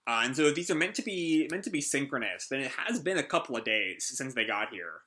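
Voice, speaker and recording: A man's voice: mid-range voice, big pitch swings, brisk, sharp tone. A man reading a comic live and commenting on it, rambling with many fillers. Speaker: comic reaction host.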